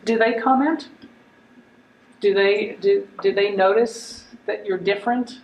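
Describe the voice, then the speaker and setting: A woman in a counselor's role speaks in a calm, reflective way, often restarting her questions gently. Her voice carries a roomy echo over a faint hiss. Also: medium pitch, a little slow, far from the mic. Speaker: counselor in a training role-play. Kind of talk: clinical interview role-play.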